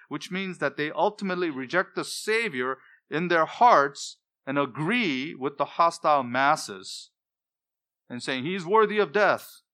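A man preaching a sermon with passion and strong emphasis, building to loud peaks on key points. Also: a little high.

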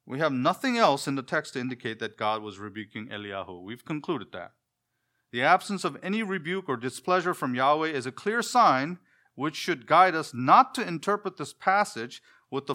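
Bright-voiced male preacher teaching scripture. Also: mid-range voice. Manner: teaching, asks the listeners questions and answers them. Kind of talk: expository sermon.

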